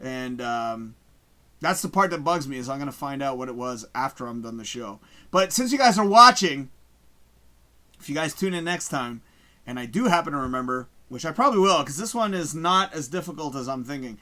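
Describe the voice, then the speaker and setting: A man hosting a casual livestream, reading viewer comments aloud and chatting in a profane, rambling, animated way. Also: mid-range voice, fairly quick. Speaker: livestream host.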